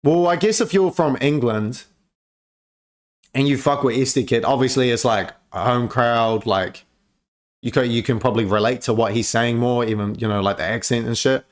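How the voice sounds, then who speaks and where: A young man talks through a music reaction in loose, slangy chatter, dropping curses and calling the viewer bro. His voice sits at an ordinary middle pitch and jumps up now and then into excited exclamations. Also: moderate pace. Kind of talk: casual reaction commentary.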